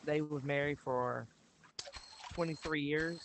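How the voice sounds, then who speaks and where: A woman's voice: low-pitched, steady tone, slow pace. Woman with a Mississippi drawl, noisy chat. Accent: Mississippi Southern. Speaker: fellow player. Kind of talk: casual chat in game voice chat.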